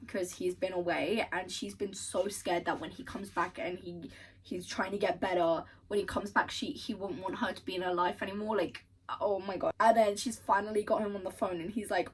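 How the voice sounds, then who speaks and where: A woman's voice: medium pitch, fairly even intonation, normal speed, recorded from a distance, rough recording. A young woman book vlogger chatting casually and gushing over quotes she reads aloud, swearing now and then. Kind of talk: casual chat and reading aloud.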